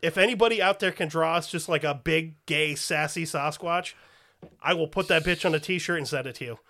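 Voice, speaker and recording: A man's voice: on the high side, brisk, sharp tone. A man hosting a podcast in casual chat, profane and joking. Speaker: podcast host.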